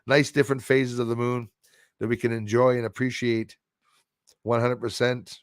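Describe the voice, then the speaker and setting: A man's voice: medium pitch, flat delivery, moderate pace, dry recording, clean studio sound. A man hosting a casual live stream, rambling as he greets viewers and reads their chat comments aloud.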